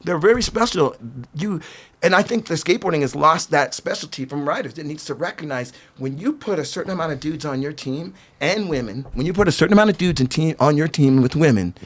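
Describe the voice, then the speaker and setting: A man's voice: fairly high pitch, brisk. A middle-aged man, a skateboarder and company owner, telling rambling stories as a podcast guest, full of "like" and restarts. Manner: animated, rambling, lots of "like" and restarts. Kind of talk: casual storytelling interview.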